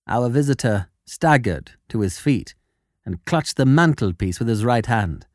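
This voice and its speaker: A man reading a classic story aloud as a narrator, with expressive storytelling. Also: medium pitch, measured pace, dry recording, studio quality. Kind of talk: scripted narration.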